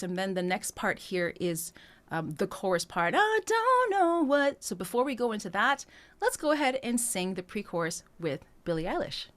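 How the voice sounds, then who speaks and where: A woman vocal coach talking through a singing lesson, explaining phrasing step by step in a conversational way with some fillers. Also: mid-range voice. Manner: explains phrasing step by step, breaking into sung demonstrations; conversational with frequent fillers and restarts.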